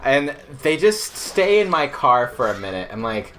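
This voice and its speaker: A man's voice: mid-range voice, very animated, normal speed, fairly bright tone. A young man casually telling a personal story, rambling with lots of fillers and laughing as he goes. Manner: rambling, filler-heavy, laughs through the tale.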